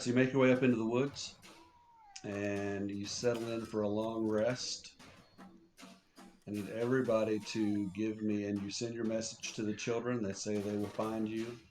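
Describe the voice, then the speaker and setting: A man acting as game master, narrating scenes and asking the players what they want to do, in a relaxed way. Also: fairly low pitch, moderate pace, soft background music. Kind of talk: running a tabletop game.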